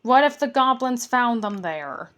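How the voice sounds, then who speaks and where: Woman reading a kids' bedtime story, slow, gentle and a bit high. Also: lively intonation.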